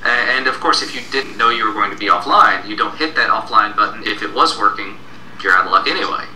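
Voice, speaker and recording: Bright-voiced man, far from the mic. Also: fairly low pitch, fast. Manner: relaxed storytelling with fillers. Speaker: co-host. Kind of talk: casual tech chat. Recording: distant, echoey room with faint noise.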